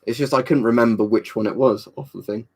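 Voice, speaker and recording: A man's voice: mid-range voice, fast talker, gravelly, darkish tone, husky. A young adult man from England chatting casually on a live stream, rambling, swearing freely and answering viewers' questions.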